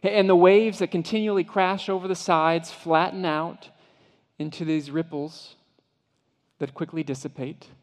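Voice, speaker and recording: Man, pastor, sermon, vivid storytelling, fairly high voice, long hall reverb. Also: fairly even intonation, unhurried. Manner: vivid second-person storytelling, dropping to hushed tones.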